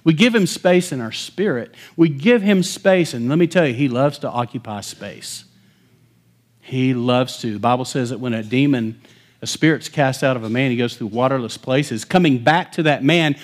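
A middle-aged man preaching from the pulpit, weaving a personal story into the message. His voice sinks almost to a whisper on tender lines, then climbs loud and slow to hammer a point home. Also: medium pitch. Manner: storytelling, swings from hushed to loud and emphatic. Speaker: pastor.

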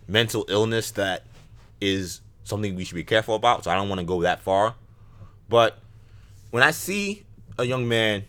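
A man's voice: lowish voice, a bit bright. A man co-hosting a podcast, talking sports casually and rambling with fillers and restarts. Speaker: podcast co-host.

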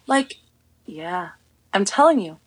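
A young woman from New York telling stories in a casual podcast chat, animated and acting out the people she quotes. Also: medium pitch, slow, slightly rough, no echo. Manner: animated storytelling, acting out others in quoted voices, laughing often. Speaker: podcast guest.

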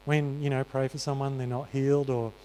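In a reverberant church hall, a man preaches briskly in a medium-pitched, level voice that is dark, clear and resonant. He speaks earnestly and conversationally, with lots of fillers.

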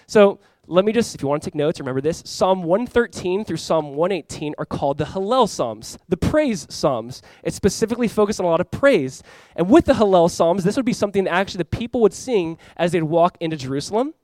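A man preaching a sermon in a casual, animated way, slipping into the voices of the people he quotes. His voice sits somewhat high for a man. The sound is dry and close, with no room echo. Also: brisk, hardly any pauses. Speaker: pastor.

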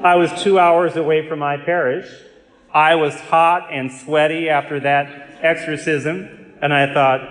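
Earnest priest telling stories in an echoey hall. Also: male voice, on the high side, steady tone, a bit bright. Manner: earnest, measured storyteller with dry humor. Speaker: Catholic priest and exorcist. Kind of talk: storytelling talk.

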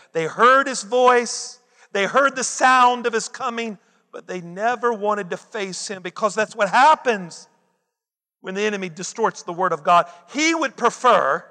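A man's voice: high-pitched, pushed and bright. A man preaching a sermon with emphatic delivery, posing rhetorical questions to his listeners. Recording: long reverb of a large hall.

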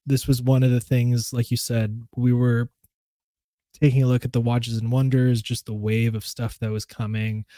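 A man co-hosting a casual podcast chat, sounding relaxed and keen, often trailing off and restarting his sentences. His voice is dark and mellow, recorded dry and close with no room sound. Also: mid-range voice, moderate pace, dry recording. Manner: relaxed, enthusiastic about watches, trailing restarts. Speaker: podcast co-host.

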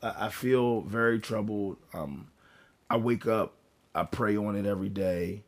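A man with a hoarse, worn-out voice talking candidly on a casual podcast. He is open and reflective, swears freely and repeats words for emphasis. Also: fairly low pitch, unhurried. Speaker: podcast co-host.

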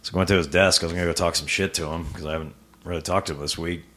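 A man's voice: low-pitched, fairly even intonation, racing, fairly bright tone. A man from the American Midwest, a stand-up comedian, telling a personal story as a podcast guest in a living room. He swears a lot and stammers through restarts. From Rock Island, US Midwest. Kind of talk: casual personal storytelling in an interview.

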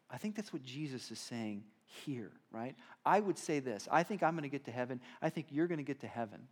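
A man preaching a sermon in a conversational storytelling manner, swinging between loud emphatic lines and quiet asides. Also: medium pitch, expressive, fairly quick, few pauses, slightly rough. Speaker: pastor.

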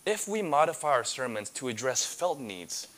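A man's voice: mid-range voice, sing-song, normal speed, a bit bright. A man preaching a sermon as a pastor, earnest and full of rhetorical questions.

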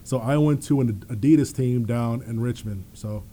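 Animated male storyteller with a mellow voice. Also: medium pitch, normal speed, a little hiss or hum. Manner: animated storyteller, laughs often, acts out quoted voices. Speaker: guest, former college basketball player. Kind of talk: casual storytelling. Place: studio.

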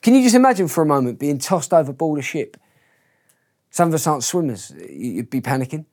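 Male preacher, slightly higher voice, earnest and halting, sermon delivery. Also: big pitch swings, a little mellow. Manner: earnest, many restarts and repeated words. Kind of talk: sermon with scripture reading.

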